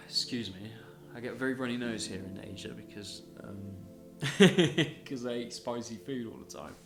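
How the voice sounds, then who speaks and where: Bloke hosting a storytelling podcast, giggly, loose, swears, roomy echo with faint music underneath. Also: male voice, medium pitch, fairly bright tone. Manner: chatty, laughs often between sentences, casual swearing. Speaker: podcast host.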